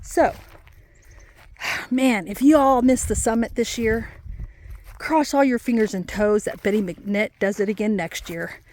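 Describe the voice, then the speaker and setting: A woman's voice: fairly high pitch, a little slow, long pauses, darkish tone. Breathless, chatty woman walking outdoors. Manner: chatty and folksy, says y'all. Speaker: vlogger. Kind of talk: casual vlog while walking outdoors. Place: outdoors on a rural mountain property.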